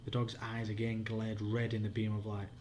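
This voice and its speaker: A man's voice: on the low side, monotone, moderate pace, a little mellow, slight background noise. A man with a Yorkshire accent reading a spooky children's book aloud at home as a bedtime story, in a plain, unpolished way with the odd slip.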